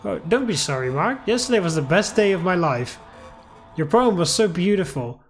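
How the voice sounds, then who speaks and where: Shy polite visual novel girl, read by a man, lively pitch, faint music. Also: normal speed. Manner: polite, hesitant. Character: shy, soft-spoken young woman, unsettled. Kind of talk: reading a visual novel aloud.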